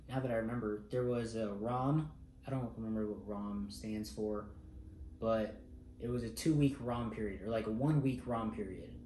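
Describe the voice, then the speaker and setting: A man's voice: medium pitch, darkish tone, slight background noise. A young man casually recounting a personal story, laid-back and self-mocking, swearing freely. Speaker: vlogger. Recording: roomy echo.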